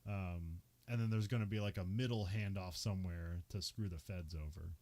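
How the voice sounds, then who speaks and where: A man's voice: low-pitched, fairly even intonation, moderate pace, mellow. A young man hosting a podcast, casually recapping a film with lots of filler words and laughs. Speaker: podcast host. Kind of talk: casual movie recap chat.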